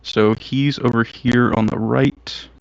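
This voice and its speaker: A man's voice: mid-range voice, steady tone, takes it slowly, creaky, no echo, muffled recording. A man narrating as game master in a casual, filler-heavy way.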